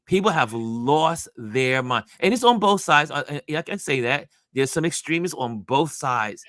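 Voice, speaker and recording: A man from New York hosting a casual talk show, telling a story in an animated way with many restarts. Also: on the high side, measured pace, no echo, clean studio sound. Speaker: host.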